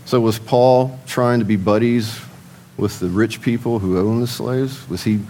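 A man's voice: medium pitch, fairly even intonation, a little slow, warm tone, a little hiss or hum, rough recording. A man preaching a sermon in a conversational way, posing rhetorical questions and answering them himself, and speaking directly to the men listening. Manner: addresses the men in the audience directly.

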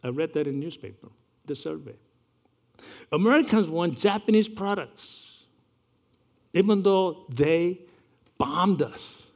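Older man telling a story. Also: sits high. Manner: earnest, measured recounting with occasional restarts. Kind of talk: personal storytelling.

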